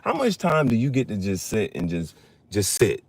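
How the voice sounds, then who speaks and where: Low-voiced guy, aave, rambling loose vlog talk, pitch jumps all over. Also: wildly swooping pitch, moderate pace, gravelly, no echo. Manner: rambling, loose, with many restarts and fillers; spells out unfamiliar words letter by letter. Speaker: vlogger. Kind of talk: casual chat while reading.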